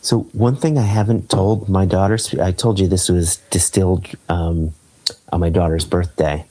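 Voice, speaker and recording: A man's voice: low-pitched, fairly even intonation, normal speed, warm tone, rough recording. A man hosting a podcast, chatting casually and enthusing over flavors as he tastes a whisky on a video call. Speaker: podcast host. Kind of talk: casual chat, tasting whisky on air.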